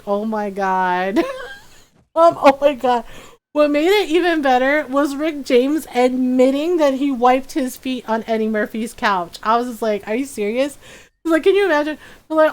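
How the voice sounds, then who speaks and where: A woman's voice: sits high, lively intonation, unhurried, low-quality recording. A woman streaming a game, chatting casually, laughing often and acting out quotes from people she talks about. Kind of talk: casual gameplay chat.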